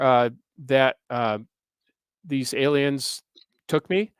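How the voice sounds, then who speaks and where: Smooth-voiced man in his sixties. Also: medium pitch, normal speed, dry recording. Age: 60s. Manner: earnest, rambling anecdote with frequent hesitations. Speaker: guest, history professor and author. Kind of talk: casual interview storytelling.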